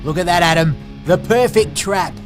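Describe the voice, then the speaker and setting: A man's voice: high-pitched, moderate pace, faint music behind, natural voice. An actor voicing a bumbling, whiny middle-aged male prime minister in a satirical cartoon, with an Australian accent. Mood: scheming.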